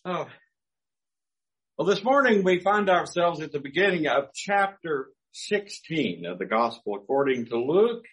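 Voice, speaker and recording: A man's voice: on the high side, very animated, unhurried, fairly bright tone, poor audio. A man preaching a sermon as pastor, talking conversationally with dry humor.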